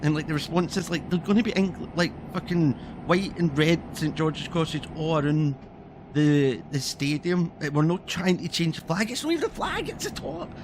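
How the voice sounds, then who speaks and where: A man's voice: on the high side, expressive, normal speed, noisy background. A man from Scotland with a Scottish accent, ranting in a casual, heated and sweary way as he streams a game. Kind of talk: casual ranting commentary while playing.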